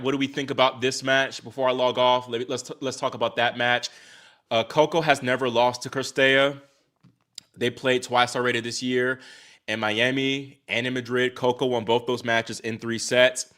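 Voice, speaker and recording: Excitable young man chatting on a livestream. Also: mid-range voice. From Virginia, US. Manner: excitable, talks to chat, sighs and exclaims. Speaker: livestream host reacting to tennis. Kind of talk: casual live-stream chat.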